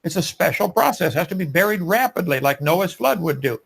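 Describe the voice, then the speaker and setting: A man's voice: sits high, lively intonation, a little fast, gravelly, fairly bright tone, slightly rough, low-quality recording. A man answering in a live debate, preachy and emphatic, now and then restarting his sentences. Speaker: creationist debater.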